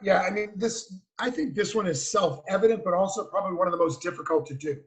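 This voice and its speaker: A man co-hosting a webinar, speaking frankly and informally. His voice sits fairly high for a man and he reacts to his co-host in a conversational way. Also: quick pace, low-quality recording. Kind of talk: casual discussion.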